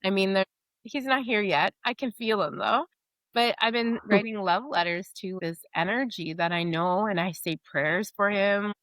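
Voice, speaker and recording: A woman's voice: medium pitch, moderate pace, a bit bright, no echo. A woman in her forties, a podcast guest, telling her story in a candid, rambling way. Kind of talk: casual interview talk.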